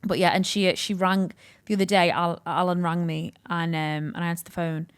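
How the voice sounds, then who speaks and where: Deadpan woman in her thirties. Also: on the low side, brisk, smooth. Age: 30s. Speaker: podcast guest, comedian. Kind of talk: casual chat.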